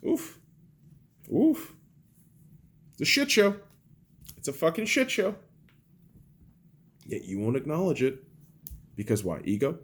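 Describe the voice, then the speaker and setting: A young man hosting a podcast, delivering an angry, profane political rant that swings between shouting and low muttering. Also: huge pitch swings, slow, pauses often, breathy edge. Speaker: podcast host.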